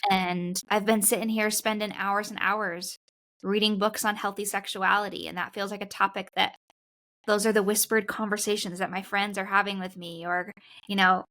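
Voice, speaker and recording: A woman's voice: mid-range voice, level tone, moderate pace, a bit bright. A woman hosting a faith podcast, telling a personal story in an earnest, reflective conversational way. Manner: reflective, earnest, often quoting herself. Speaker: podcast host.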